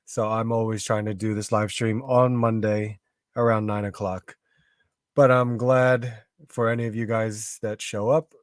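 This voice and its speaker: A man's voice: lowish voice, little pitch movement, unhurried, dry recording, studio quality. A man hosting a casual live stream, tired and losing his voice, rambling and greeting viewers by name. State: tired, voice going hoarse.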